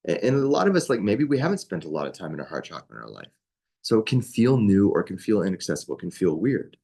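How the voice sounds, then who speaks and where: A young man with a fairly low voice leads a yoga training class. He talks casually and conversationally, stopping often to check in with his students. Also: sing-song, quick pace, creaky, dark tone, husky. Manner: casual, conversational, with many asides and "right?". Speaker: yoga teacher.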